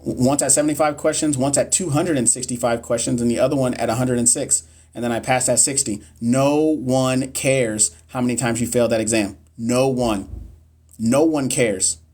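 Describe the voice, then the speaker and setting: A man's voice: mid-range voice, fairly even intonation, moderate pace, a little mellow. Blunt, slangy man tutoring live. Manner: casual, blunt, encouraging, uses slang and swearing; reads quiz questions aloud, then chats with viewers. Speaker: nursing exam tutor. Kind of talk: live-streamed Q&A teaching. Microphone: phone livestream.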